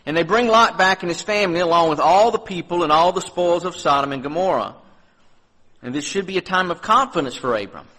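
A male pastor delivers a sermon with a slightly raised voice. He talks earnestly and conversationally, lifting his voice when he reads scripture and dropping to a softer tone when he reflects. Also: on the high side, animated, fairly quick, poor audio. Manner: earnest preaching, rising on scripture readings, dropping soft on reflections.

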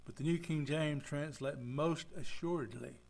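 A man's voice: on the high side, measured pace, gravelly, a little mellow. A man preaching a folksy sermon as pastor, acting out the people he quotes. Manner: folksy, acts out quoted voices.

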